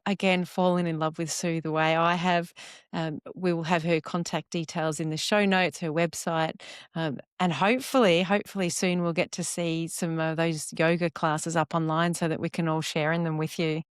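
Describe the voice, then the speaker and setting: A middle-aged woman hosting a podcast interview, warm and effusive, often restarting her sentences. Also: sits low, smooth, no echo, clean studio sound. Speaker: podcast host. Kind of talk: casual interview chat.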